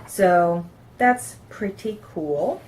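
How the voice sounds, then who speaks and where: A woman's voice: lowish voice, expressive, extremely slow, a little mellow, slight background noise. A woman hosting a casual tabletop game review, reading passages aloud from the book and chatting about them, often tripping over words and correcting herself.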